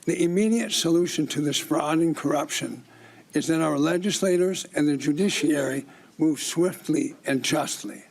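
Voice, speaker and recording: Gravelly older man testifying. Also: on the high side, normal speed, rough recording. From Minnesota. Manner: declamatory, accusatory. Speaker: public testifier. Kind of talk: prepared public testimony.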